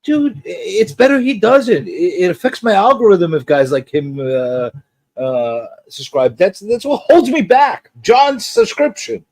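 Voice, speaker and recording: Male livestream host, playful and needling, lively pitch, dry sound. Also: a little slow, no room sound. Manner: animated and teasing, jumps between high and low. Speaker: host of a pop culture livestream show. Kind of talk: casual livestream chat.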